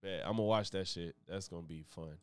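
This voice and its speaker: A man's voice: low-pitched, brisk, smooth, no room sound. A man hosting a live stream, chatting loosely and profanely in a rambling way. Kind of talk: casual live-stream reaction chat.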